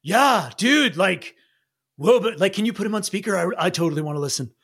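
A man's voice: high voice, expressive, brisk, vocal fry, a bit bright, husky, heavily acted. A man voicing Riptide, a laid-back young male surfer-dude hacker who talks in drawling slang. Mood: eager.

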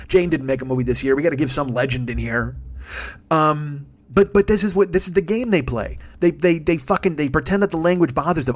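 Fast-talking, profane ranting man. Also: on the high side. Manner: profane, fast, mocks opponents in put-on voices. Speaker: podcast host. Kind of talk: angry political rant.

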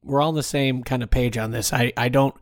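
A man's voice: medium pitch, steady tone, brisk, no echo, clean studio sound. Rambling, self-deprecating man. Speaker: podcast co-host. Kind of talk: casual chat.

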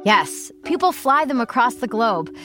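Bubbly high-voiced woman host. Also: sing-song, unhurried. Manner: bubbly, encouraging. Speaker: podcast co-host. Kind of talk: casual chat. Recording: music bed behind voice.

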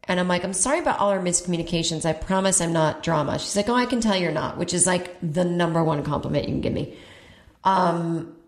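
A woman with a somewhat low-pitched voice rambles through a personal story for her comedy podcast. She swears casually, pokes fun at herself and slips into quick put-on voices for the people she quotes. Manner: chatty, profane, self-mocking, quotes people in put-on voices. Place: at home.

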